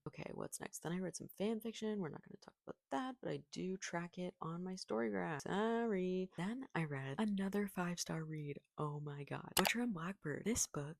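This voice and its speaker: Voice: mid-range voice, gravelly, dry recording, studio quality. A young adult book reviewer in a casual vlog who gushes and rambles and says "like" a lot. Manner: gushing, rambling, heavy use of "like".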